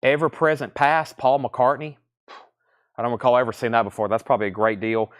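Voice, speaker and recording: A man hosting a live online record sale. He briskly lists titles and prices and repeats them as he goes. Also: medium pitch, fairly even intonation. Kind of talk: live online sales stream.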